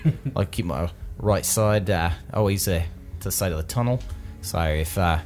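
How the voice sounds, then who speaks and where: Guy doing a nervous wanderer dude, stammers a lot, fake british accent, lowish voice. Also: normal speed, darkish tone, faint music behind, natural voice. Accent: British-sounding put-on. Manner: stammering, rambling. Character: nervous male human wanderer, chatty, timid.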